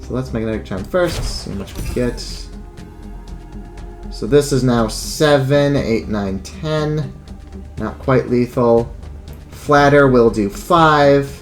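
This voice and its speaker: A man's voice: medium pitch, slow pace, long pauses, faint music behind. Casual, profane man playing a game. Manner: casual, profane, thinking aloud. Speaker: gameplay commentator. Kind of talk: let's play commentary.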